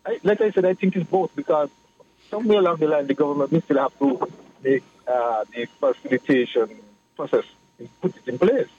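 A man, a political guest explaining his views in a measured way on a radio talk show. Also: fairly high pitch, a little mellow. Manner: measured, explanatory, repeats phrases. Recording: muffled radio broadcast with faint hiss.

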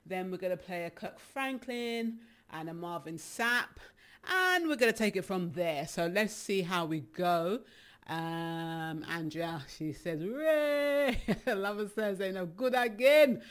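A woman's voice: fairly low pitch, animated, measured pace, a bit bright. A young Jamaican woman hosts a casual live stream and sounds a little out of breath. She is chatty and affectionate, greeting viewers by name and laughing easily. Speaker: live-stream gospel show host.

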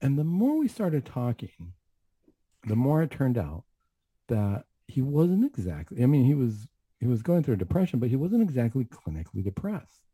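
Husky, dark-voiced man telling a story. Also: medium pitch, huge pitch swings, moderate pace, no room sound. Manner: earnest, reflective storytelling with many asides. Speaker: mental health counselor. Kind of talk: faith-based testimony on a talk show.

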